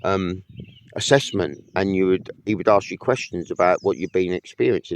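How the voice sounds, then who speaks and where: A man's voice: sits low, moderate pace. A man in a casual monologue to camera, rambling and aggrieved, swearing often. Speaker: vlogger.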